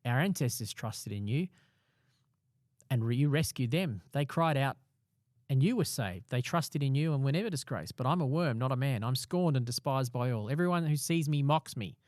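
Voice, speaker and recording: A man's voice: medium pitch, a little mellow, dry recording, studio quality. A man co-hosting a casual Bible discussion, explaining passages and reading a psalm aloud with rising emphasis. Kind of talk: casual Bible study chat.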